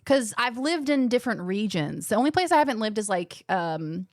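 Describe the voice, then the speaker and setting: Young woman streamer, faint midwest/west coast accent, lively chatty, swears a bit, kinda high voice. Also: normal speed, dry recording, studio quality. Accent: faint mixed Midwestern and West Coast American. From Illinois, USA. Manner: chatty, animated, laughs often, swears casually. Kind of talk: casual live-stream chat, reading chat aloud.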